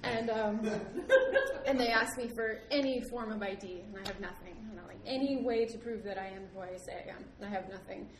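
Young woman, animated storyteller. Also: mid-range voice, fairly quick, a crowd in the background. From United States. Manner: animated, laughs often, acts out the people in her story. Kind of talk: casual storytelling. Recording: roomy with background noise.

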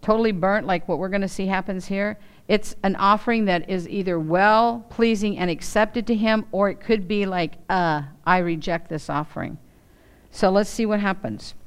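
A woman teaching a Bible lesson, reading scripture aloud and explaining it in a lively, expressive way. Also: mid-range voice, moderate pace, few pauses, smooth. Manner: expressive, acts out quoted voices.

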